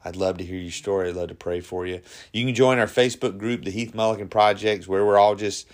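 A man's voice: on the low side, steady tone, fast. A man hosting a faith-based talk on grief, speaking earnestly and conversationally, often restarting his sentences. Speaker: podcast host.

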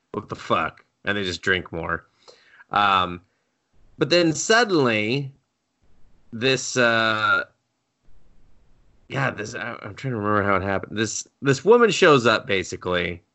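A man's voice: fairly low pitch, bright, forceful tone. A man co-hosting a podcast in casual chat, rambling and laughing as he acts out voices in his retellings. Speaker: podcast co-host.

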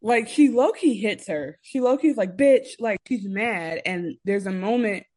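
Young woman, podcast co-host, casual, rambling, acts out quotes, medium pitch. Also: animated, moderate pace, a little mellow. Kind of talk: casual chat.

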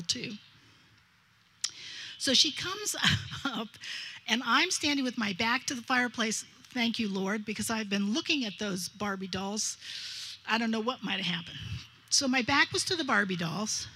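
A woman tells a lively story about a wedding she officiated. Her voice is bright and ringing, set a little high. She slips in and out of the voices of the people in the story as she goes. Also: breathy edge. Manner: lively, animated, quotes others in dialogue. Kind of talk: anecdotal storytelling.

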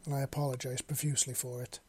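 A man voicing a gentle, earnest young male clawed creature in a read-aloud story, speaking sincerely and softly, with a dark, husky tone. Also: medium pitch, flat delivery, fast, lightly acted. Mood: earnest apology. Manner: sincere, apologetic, softly spoken.

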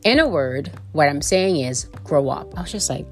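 Low-voiced woman, faith podcast host, lively chatty monologue straight to listeners, faint music bed. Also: normal speed, few pauses.

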